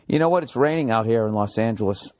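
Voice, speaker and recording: A man's voice: lowish voice, lively intonation, fast, darkish tone. A man hosting his own podcast, ranting alone in a loose, sarcastic way with plenty of swearing. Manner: profane, rambling, sarcastic rants. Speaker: podcast host. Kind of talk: casual solo podcast monologue.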